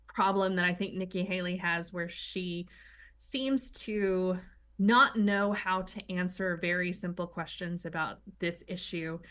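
A woman of middling pitch co-hosting a political talk show. She is blunt and opinionated and talks in long, flowing runs. Her tone stays casual. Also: a bit bright. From United States. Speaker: co-host.

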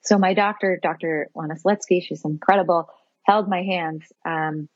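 Woman podcast guest, husky voice, lively storyteller, slightly dull lo-fi recording. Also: lowish voice, normal speed, dry recording. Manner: animated, laughs often, fillers like "like". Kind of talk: personal storytelling.

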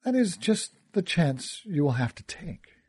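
A man reading aloud voices a young sorceress with a soft, measured, gently teasing manner. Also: on the high side, sing-song, husky, voice pushed up, heavily acted. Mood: teasing calm.

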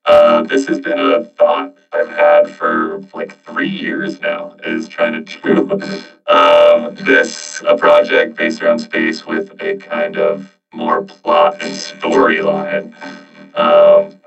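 A space cadet with a robot voice filter, a man talking through a helmet mic. The voice sits extremely low and gravelly, the pitch leaps wildly, and the dull lo-fi sound is buried under loud synth music. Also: slow, exaggerated voice. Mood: rambling. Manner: rambling with fillers. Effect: robot voice modulation.

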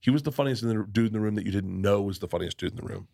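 This Southern American man hosts a podcast, and his lowish voice is creaky and mellow, delivered very fast. In casual conversation he spins profane, meandering stories, frequently starting sentences over.

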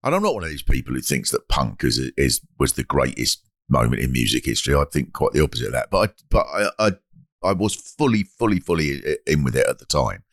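A man's voice: a bass voice, fast talker, no echo, clean studio sound. A middle-aged man hosting a podcast, rambling comically through anecdotes in a casual chat. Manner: rambling, lively comic storyteller. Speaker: podcast host.

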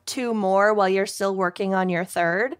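A woman's voice: mid-range voice, moderate pace, clean tone, no room sound. A young adult woman co-hosting a podcast in an easygoing chat, laughing often between remarks. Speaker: podcast co-host. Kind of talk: casual chat.

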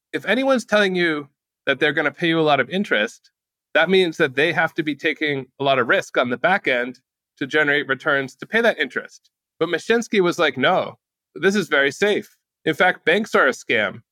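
Bright-voiced man telling lively stories. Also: fairly high pitch, normal speed, dry recording. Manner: lively, acts out quotes with raised voice, casual "like" fillers. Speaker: guest author and journalist. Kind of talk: animated anecdotal storytelling.

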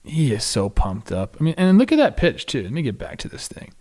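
A man hosting a baseball podcast, talking through game clips casually with excited, animated asides. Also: medium pitch, a little fast. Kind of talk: casual video breakdown commentary.

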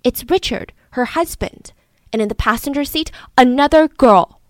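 A woman's voice: high voice, normal speed, no room sound. Chatty woman telling a true crime story. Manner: chatty, animated, acts out quotes.

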